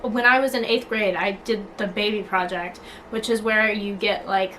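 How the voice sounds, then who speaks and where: A woman's voice: mid-range voice, steady tone, normal speed, pushed and bright, slight background noise, poor audio. A young woman venting casually to her camera, blunt and sweary, full of filler likes and restarts. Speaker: vlogger. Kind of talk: casual talking-to-camera rant.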